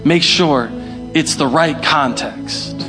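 A man's voice: a little high, takes it slowly, over music. A young male pastor preaching a sermon, emphatic and repeating his key phrases. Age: young adult. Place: church hall.

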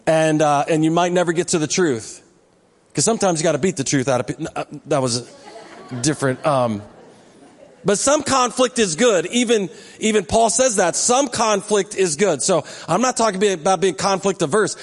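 A man's voice: a little high, a little fast, big-room sound. A male pastor giving a sermon in a conversational way, with joking asides to the congregation. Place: church sanctuary.

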